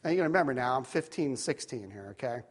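A man's voice: mid-range voice, expressive, fast talker. A middle-aged man preaching, telling a personal story with many asides and restarts. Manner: rambling storyteller, drops to quiet tones for serious moments.

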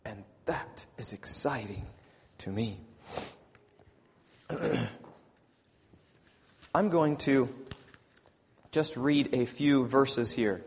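A man preaching a sermon, swinging from loud emphatic lines to near whispers. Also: medium pitch, drawn-out words, pauses often, breathy edge, big-room sound.

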